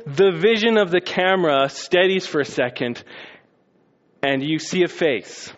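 A man delivers a sermon, acting out the story with sound effects and swings of energy. His voice sits a little high. The recording sounds muffled and lo-fi. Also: a little slow. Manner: animated storytelling, acts out scenes with sound effects. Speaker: pastor.

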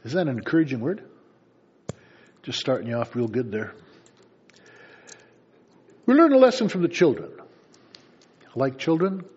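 A man's voice: medium pitch, big pitch swings, normal speed, long pauses, darkish tone, breathy edge, highs cut off. A man preaching a sermon in a conversational way, with playful asides to the congregation. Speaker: pastor.

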